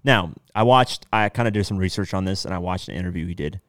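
A man's voice: deep voice, fast, dry recording, studio quality. A man hosting a podcast alone, talking loosely and rambling, with casual swearing. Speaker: podcast host. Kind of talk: casual solo commentary.

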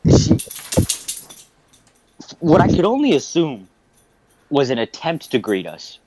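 A man's voice: on the high side, wildly swooping pitch, takes it slowly, warm tone, a little hiss or hum. A young man co-hosting a podcast, telling a rambling, profane story with lots of laughing and acted-out voices. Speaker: podcast co-host. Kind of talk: casual storytelling chat. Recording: dull lo-fi sound.

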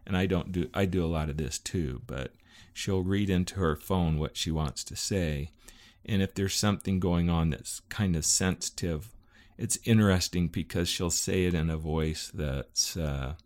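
A man's voice: sits low, a little mellow. A man co-hosting a casual podcast with his wife, rambling a little and correcting himself as he gives everyday examples. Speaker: podcast co-host.

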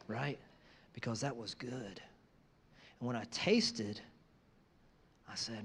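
A man preaching a sermon, moving from conversational asides to loud, emphatic repeated phrases. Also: mid-range voice, lively intonation, a little slow, pauses often. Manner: conversational asides between scripture lines. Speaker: pastor.

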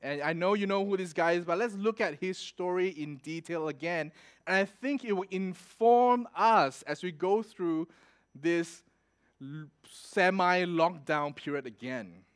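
A young man with a fairly high voice delivers a sermon as a relaxed, chatty story. He talks casually and animatedly, often breaking into laughter. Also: a little slow, clear, resonant tone. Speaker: pastor.

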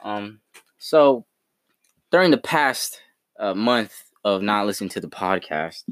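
A man's voice: fairly low pitch, expressive, measured pace, a bit bright, no room sound. Young man teasing his co-host. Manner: teasing, rambling, slangy. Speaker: podcast co-host. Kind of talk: casual chat.

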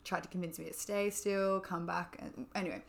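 A woman's voice: lowish voice, steady tone, brisk, vocal fry. A young woman chatting as a podcast co-host, telling a story with lots of fillers. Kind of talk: casual chat.

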